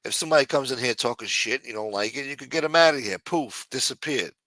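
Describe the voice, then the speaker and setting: A man's voice: medium pitch, fast talker, pushed and bright, dry recording. A man hosting a late-night livestream, chatting loosely and profanely while answering viewers in the chat. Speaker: livestream host.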